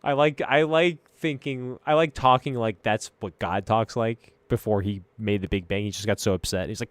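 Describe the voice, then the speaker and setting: A man chatting casually as host, rambling and swearing as he muses, drifting between mumbles and loud rants. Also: on the low side, fairly even intonation, normal speed, few pauses, clean tone, no room sound. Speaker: streamer host. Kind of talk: casual stoned-sounding philosophical chat.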